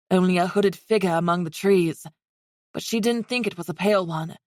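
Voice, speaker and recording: A woman narrating a fantasy romance audiobook in a steady, even storytelling way. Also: on the low side, dry recording, studio quality.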